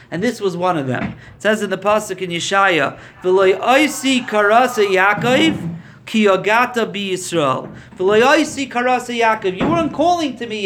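Lively high-voiced man giving a Torah class. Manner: lively storytelling, acts out quotes. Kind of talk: Torah lecture.

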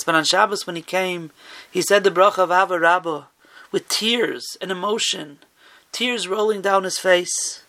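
A man's voice: high voice, bright, forceful tone. A man giving an emphatic sermon, telling a story and mixing in Hebrew and Yiddish terms. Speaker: rabbi giving a Torah talk.

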